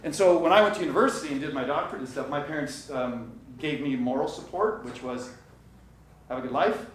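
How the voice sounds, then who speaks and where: A middle-aged man giving a motivational workshop talk to a live audience, animated and addressing the crowd directly. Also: fairly high pitch, a little fast. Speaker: coach and workshop speaker. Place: conference room with live audience. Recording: echoey room, distant mic, faint noise.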